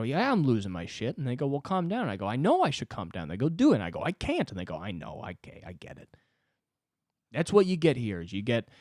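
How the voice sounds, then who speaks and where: A man in his twenties hosting a solo comedy podcast, talking self-deprecatingly and swinging between loud outbursts and low muttering. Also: no room sound, clean studio sound. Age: 20s. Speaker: podcast host.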